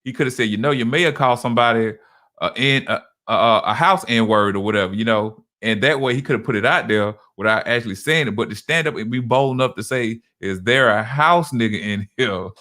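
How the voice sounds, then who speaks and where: A man's voice: medium pitch, fast talker, pushed and bright. Loose-talking man. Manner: loose, repetitive storytelling with frequent restarts. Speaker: podcast co-host. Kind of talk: casual chat.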